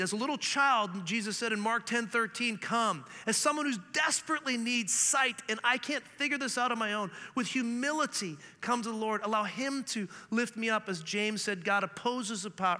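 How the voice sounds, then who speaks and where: Pastor, male, high bright voice, lively storytelling sermon, long hall reverb. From Canada. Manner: earnest, animated storytelling with humor.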